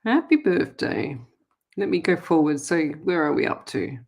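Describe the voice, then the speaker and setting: A woman's voice: deep voice, lively intonation, moderate pace, a little mellow. Chatty woman hosting a show. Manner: chatty, laughs often, reads out comments. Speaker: psychic medium radio host. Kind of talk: live call-in show chat.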